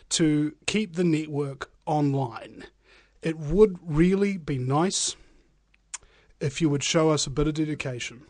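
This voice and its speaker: A man's voice: on the high side, no echo. A man hosting a live talk radio show, speaking energetically and emphatically straight to his listeners. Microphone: studio microphone.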